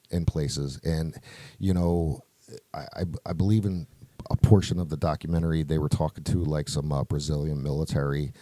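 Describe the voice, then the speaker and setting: A man's voice: very deep voice, dark tone, no room sound. A man co-hosting a podcast, rambling loosely in casual chat and swearing often. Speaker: podcast co-host.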